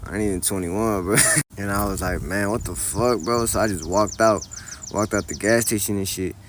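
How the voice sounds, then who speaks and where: A man's voice: fairly low pitch, steady tone, fairly quick, noisy background. A young man telling a casual storytime in a slangy, profane, laid-back way.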